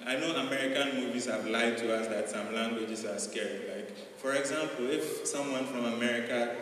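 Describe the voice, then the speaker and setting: A man's voice: mid-range voice, normal speed, fairly bright tone. A man doing stand-up comedy with a loose, chatty delivery full of fillers. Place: live comedy venue. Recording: roomy hall, far from the mic, noisy.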